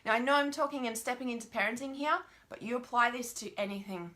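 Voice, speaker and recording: A young woman with a high-set, bright, forceful voice gives an informal spiritual teaching talk. She speaks frankly and with animation, drops swear words freely and keeps checking in with her listeners. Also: fast talker.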